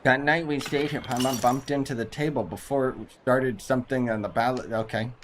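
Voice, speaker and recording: A young man talks over his gameplay at a mid pitch, trading sarcastic, slangy jabs at the story as he plays. His remarks are dismissive and offhand, as if he is barely impressed by anything on screen. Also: steady tone, fairly quick, noisy background. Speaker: gaming video creator. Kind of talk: casual gameplay commentary.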